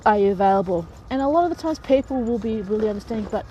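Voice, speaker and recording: This woman vlogger talks to camera at a racing clip, her medium-pitched voice mellow and lively in intonation, though the highs are cut off. She gives frank, straight-talking advice in a chatty way, often laughing lightly mid-sentence, with faint noise in the background.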